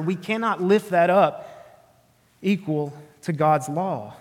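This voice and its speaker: A man's voice: sits high, unhurried, in a large hall. A man with a Southern drawl preaching an earnest, emphatic sermon, often restarting his phrases. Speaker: pastor.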